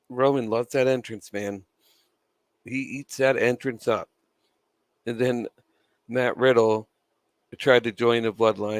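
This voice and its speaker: A man's voice: medium pitch, smooth, no room sound. Gum-chewing man ranting casually. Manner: chatty, swears freely, laughs between points. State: chewing gum, dry mouth. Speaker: wrestling news vlogger. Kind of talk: casual opinionated commentary.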